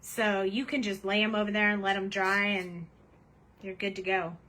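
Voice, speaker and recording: A woman's voice: mid-range voice, fairly even intonation, normal speed, a bit bright, low-quality recording. A woman hosting a casual craft demonstration at her home desk, chatty and cheerful as she narrates each step. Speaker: craft tutorial host.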